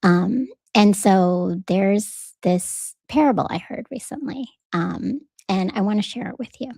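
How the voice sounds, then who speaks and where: Gravelly, warm-voiced woman hosting a podcast. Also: mid-range voice, unhurried, no echo. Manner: earnest, conversational, storytelling with quoted voices. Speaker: podcast host. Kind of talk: personal reflective monologue.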